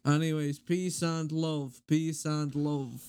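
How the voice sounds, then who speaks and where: A man's voice: on the high side, fairly even intonation, a little mellow, clean tone. Man doing a drawling aging rock drummer. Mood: laid-back warning. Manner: slow, drawn-out delivery, repeating a stock sign-off. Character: older male rock drummer, laid-back, drawling, preachy.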